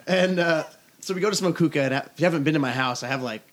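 A young man tells a long story to his friends on a casual podcast, his words tumbling out fast and loose with plenty of "like"s. His voice sits a little higher than most men's. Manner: rambling, laughing, heavy on fillers. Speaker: podcast host.

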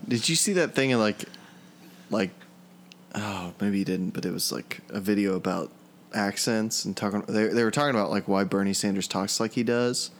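A man's voice: fairly low pitch, normal speed, slight background noise. A man on a casual podcast, hesitant and full of fillers as he tells a story. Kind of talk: casual chat.

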